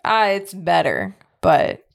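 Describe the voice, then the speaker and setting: A woman's voice: very animated, slow pace, creaky. A woman talking casually as a podcast guest, chatty and swearing freely. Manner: chatty, swears casually, says she sounds squeaky.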